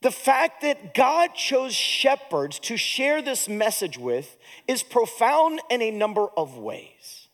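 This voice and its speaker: A man's voice: very high-pitched, big pitch swings, slow. A man pastor giving a sermon in a conversational way, with humorous, self-deprecating asides and a tired edge.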